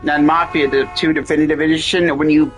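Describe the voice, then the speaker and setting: A man's voice: fairly high pitch, little pitch movement, fast talker. A man giving casual gameplay commentary, profane and sarcastic, irritated at the game characters. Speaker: gamer playing and commenting.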